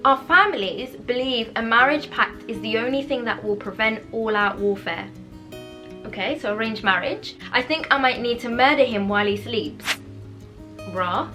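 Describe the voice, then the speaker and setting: A woman chatting casually about books she has bought, bubbly and giggly, with animated outbursts. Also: a little high, normal speed, over music. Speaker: book vlogger. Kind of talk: casual book haul chat.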